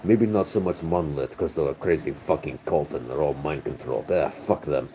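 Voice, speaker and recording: A man's voice: a bass voice, brisk, noisy background. A tipsy man chatting casually on a stream, rambling, joking and swearing, his words slightly slurred. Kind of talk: casual chat.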